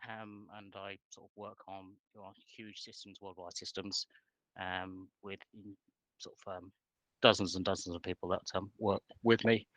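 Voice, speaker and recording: Man, low voice, dry close sound, halting, video call. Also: pushed and bright, dry recording, rough recording. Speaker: team lead. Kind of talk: casual self-introduction.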